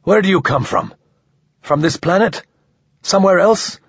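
A man's voice: fairly low pitch, animated, husky, no room sound. A man voicing a furious, stubborn man who swears and fires off angry questions. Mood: raging. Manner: shouting crude, rapid angry questions. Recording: slightly dull, dry audio.

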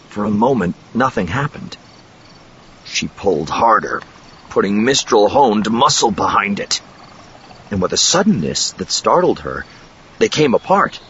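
A male audiobook narrator with a very low voice and a bright, forceful edge, reading in a steady, measured way. The recording sounds slightly dull, with a faint hiss underneath. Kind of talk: scripted narration.

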